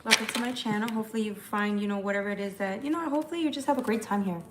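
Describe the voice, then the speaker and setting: Chatty female tarot reader, live stream, rushing, faint background noise. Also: medium pitch. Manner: chatty, fast, repetitive restarts. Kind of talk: live tarot forecast reading.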